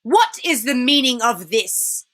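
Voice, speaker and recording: A woman's voice: a little high, very animated, measured pace, fairly bright tone. A woman voicing a cruel witch queen who speaks in a commanding, scornful way.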